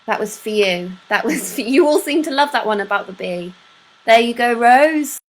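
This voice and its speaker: A woman's voice: fairly high pitch, lively intonation, moderate pace, slight background noise, low-quality recording. A woman hosting a live stream at home, chatting to viewers by name and reading poems aloud with playful emphasis. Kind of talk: casual chat and poetry reading.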